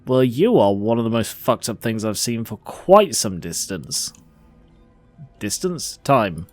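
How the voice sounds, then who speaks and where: A man giving casual, excitable gameplay commentary, laughing and swearing as he plays. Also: fairly low pitch, a little slow, no room sound, soft background music. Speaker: let's play host.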